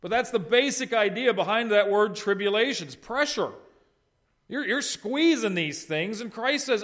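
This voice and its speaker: Dynamic preaching man, mid-high voice. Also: expressive, moderate pace. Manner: dynamic, swings between loud emphatic peaks and soft low endings; conversational, teases congregants by name. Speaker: pastor. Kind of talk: expository sermon with asides to the congregation.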